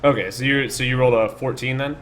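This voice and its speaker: Serving as game master for a tabletop session, this man narrates in a stop-start way, full of filler words and restarts. His pitch sits in the middle and his tone stays steady.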